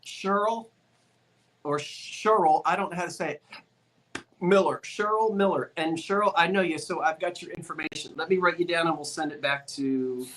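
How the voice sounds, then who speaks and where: A woman's voice: lowish voice, a little fast, a bit bright. Chatty South Jersey woman auctioneer. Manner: chatty, folksy, laughs easily. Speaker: antiques auction host. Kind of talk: live-stream auction patter.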